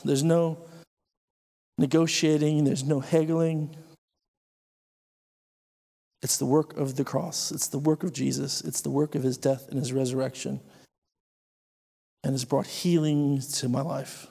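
A man preaching an earnest personal testimony, intense and building to excited outbursts. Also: fairly high pitch, vocal fry. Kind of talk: sermon testimony. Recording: long reverb of a large hall.

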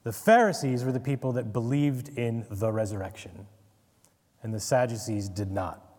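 Guy teaching bible study, laid back and chatty, warm low tone, big echoey hall. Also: normal speed. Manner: conversational, asks "right?" often, wry asides. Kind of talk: casual Bible study lecture.

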